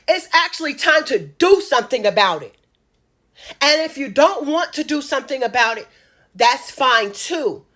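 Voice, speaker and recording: A woman's voice: sits high, pushed and bright. A woman from Chicago giving an impassioned, emphatic monologue straight to her audience, hammering her points with repetition. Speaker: social media commentator.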